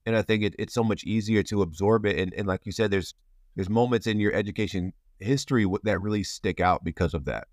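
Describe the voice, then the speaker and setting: Low-voiced rambling male host. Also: fast talker, no echo, clean studio sound. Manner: rambling, playful, lots of restarts. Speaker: podcast host. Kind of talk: casual conversation.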